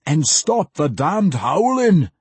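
A man doing a gruff wild dwarf. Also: sits high, big pitch swings, measured pace, a little mellow, dry recording, voice pushed up, exaggerated voice. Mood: barking. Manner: gruff, barking, dialect speech. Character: wild, gruff male dwarf battle rager.

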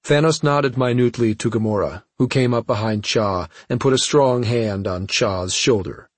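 A man giving scripted audiobook narration in a steady storytelling manner. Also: medium pitch, moderate pace, no room sound.

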